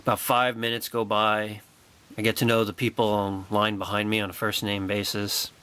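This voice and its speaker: A man vlogging a personal anecdote with excitable, wry storytelling and a sarcastic edge. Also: lowish voice, moderate pace, background noise.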